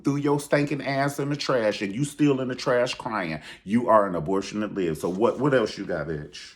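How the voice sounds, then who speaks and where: A man giving a sassy, profane reality TV review, acting out quotes in high voices. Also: normal speed, few pauses. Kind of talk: animated casual commentary.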